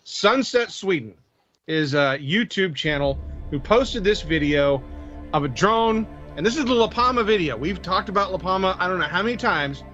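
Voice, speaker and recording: A man's voice: high voice, expressive, moderate pace, bright, forceful tone, faint music behind. A man co-hosting a casual live stream and presenting news stories, talking emphatically and repeating his words. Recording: dull lo-fi dry mic.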